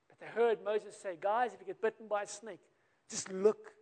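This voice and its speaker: Man, South African accent, preacher, very high voice, storytelling sermon, long hall reverb. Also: fairly even intonation, a little fast. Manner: storytelling with acted-out quotes, builds then drops to quiet.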